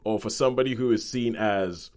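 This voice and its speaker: A man's voice: on the low side, brisk, a little mellow. Chatty man reviewing a show. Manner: rambling, self-correcting, acts out quoted voices. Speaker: podcast host. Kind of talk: casual review chat.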